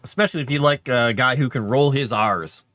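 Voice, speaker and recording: A man talks casually to his stream while writing, often trailing off mid-thought. His voice is bright and forward. It is recorded dry and close, with no room sound. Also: mid-range voice, fairly quick, no echo. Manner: chatty, trails off mid-sentence. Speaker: author on a live writing stream.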